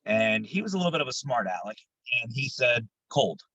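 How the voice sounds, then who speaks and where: A man who investigates the paranormal, a guest on an interview show, telling his stories in a casual, animated way. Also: medium pitch, a little fast, breathy edge, no room sound, lo-fi sound. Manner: animated, jumps into quoted voices, laughs while telling stories.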